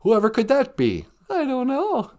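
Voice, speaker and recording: A man voicing a playful female co-host in a high falsetto, giggling and teasing. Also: wildly swooping pitch, a little slow, a little mellow, exaggerated voice.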